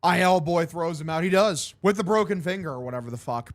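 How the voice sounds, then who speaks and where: A man's voice: on the high side, a little fast. A man streaming casual play-by-play commentary, profane and exasperated. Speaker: livestream host.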